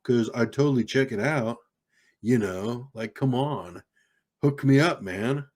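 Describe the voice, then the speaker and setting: A young man with a Southern American accent and a deep baritone voice, chatting casually on a live stream, reading viewer comments aloud and rambling with frequent chuckles. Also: unhurried, darkish tone. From South Carolina, USA. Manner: rambling, chuckles often, reads chat aloud.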